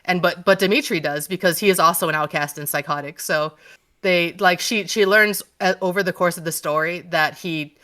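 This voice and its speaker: Bright-voiced, gushing woman author. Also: on the low side, a little fast. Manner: gushing, profane, rambling with restarts. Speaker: author being interviewed. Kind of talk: casual podcast interview.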